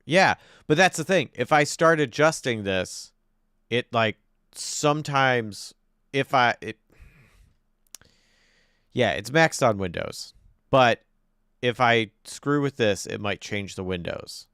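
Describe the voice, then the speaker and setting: Smooth-voiced male streamer, dry close mic. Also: medium pitch, expressive, slow, long pauses, fairly bright tone, no room sound. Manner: fiddling with mic settings, thinking aloud, frustrated. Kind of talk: casual live-stream chat. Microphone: desk microphone.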